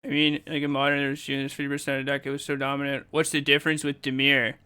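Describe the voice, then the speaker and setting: A male streamer answering his chat while playing a card game, quick and argumentative. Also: mid-range voice, monotone, pushed and bright, clean tone.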